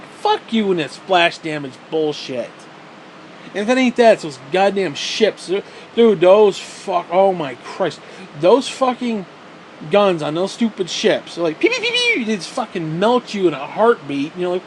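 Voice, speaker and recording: A man's voice: sits high, a little hiss or hum. A man angrily ranting about a video game in a profane, sarcastic, frustrated way. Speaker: gaming vlogger.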